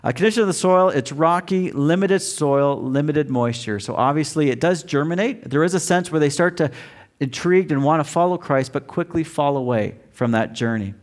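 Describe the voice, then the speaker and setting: A middle-aged man preaching a sermon, telling a personal story with acted-out quotes and emphatic shifts in pitch and volume. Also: normal speed. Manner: storytelling, acts out quotes loudly. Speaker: pastor.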